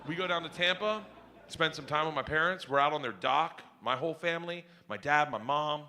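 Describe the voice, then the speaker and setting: A man telling a crude, animated stand-up story on stage before a live audience. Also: on the high side, fairly quick, a little hiss or hum. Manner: loud, animated, crude punchlines. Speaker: stand-up comedian.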